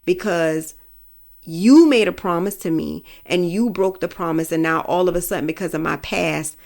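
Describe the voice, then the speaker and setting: A woman's voice: lowish voice, moderate pace, creaky, darkish tone. A woman hosting a podcast, giving her opinions in a blunt, vulgar, emphatic way with speech. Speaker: podcast host. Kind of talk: casual opinion monologue.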